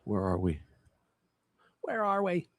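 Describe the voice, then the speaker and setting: A man's voice: fairly high pitch, huge pitch swings, slow pace, dry recording. A man hosting a livestream, giving casual political commentary in a mocking, rambling way and laughing often. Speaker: livestream show host.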